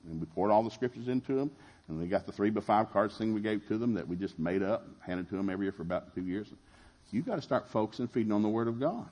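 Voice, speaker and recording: Middle-aged preacher, husky, fervent, plays out quoted voices. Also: male voice, fairly low pitch, expressive, fast, darkish tone, muffled recording. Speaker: pastor. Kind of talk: sermon.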